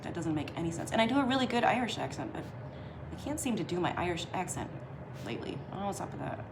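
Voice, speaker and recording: A woman's voice: lowish voice, sing-song, quick pace, reverberant, noisy background. A woman giving a casual drawing lesson as she sketches. She talks in a chatty, slangy way and laughs often. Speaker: drawing teacher.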